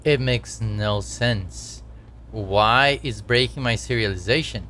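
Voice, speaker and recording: A man's voice: on the low side, slow, sharp tone, a little hiss or hum. A man chatting casually while he codes on a live stream, talking to his viewers and laughing at his own troubles. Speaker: game developer streaming his work.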